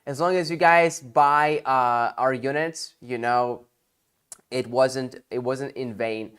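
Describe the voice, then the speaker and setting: A tired man hosting a casual livestream sales pitch, chatty and rambling with lots of fillers and jokes. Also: steady tone, slow, fairly bright tone, clear, resonant tone.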